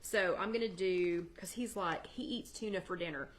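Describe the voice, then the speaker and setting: A woman's voice: lowish voice, normal speed. Chatty woman demoing a recipe live. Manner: chatty, talks to viewers in the live chat by name. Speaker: host of a live weight-loss chat. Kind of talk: casual cooking demo on a livestream. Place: home kitchen.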